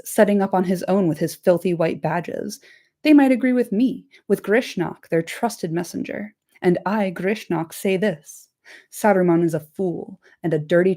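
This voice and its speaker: A woman reading the part of a sly evil male orc messenger with a soft, sneering, mocking voice. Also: on the low side. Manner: mocking, threatening.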